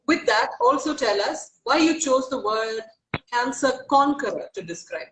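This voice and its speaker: A woman with a high voice asks her guest a question during a live interview. The sound is roomy and echoey, with a faint hiss behind her. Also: expressive, normal speed. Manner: asking questions.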